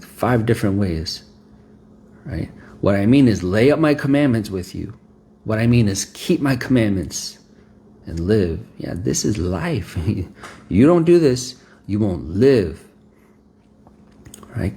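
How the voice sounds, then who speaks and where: A man's voice: lowish voice, animated, unhurried, creaky, a little mellow. A man preaching a sermon in an emphatic, conversational way, repeating phrases and often checking in with "right?".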